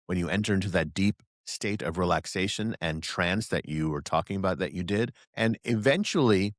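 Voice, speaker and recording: The speaker, a psychic channeler appearing as a guest in a casual interview, has a low voice and a normal pace. He animatedly tells stories, voicing the characters he quotes, and the studio-quality audio has no echo.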